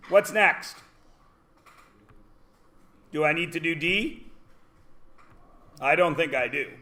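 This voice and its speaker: A man's voice: fairly high pitch, bright, forceful tone. A Canadian man teaching a math class in a classroom, chatty, asking the class questions and answering them himself.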